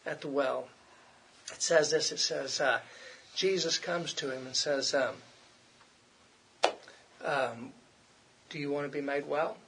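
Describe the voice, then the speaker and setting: Middle-aged preacher guy, fairly high voice, chatty sermon, repeats himself a lot. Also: a bit bright, slight background noise. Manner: conversational, repeats words, acts out quoted complaints.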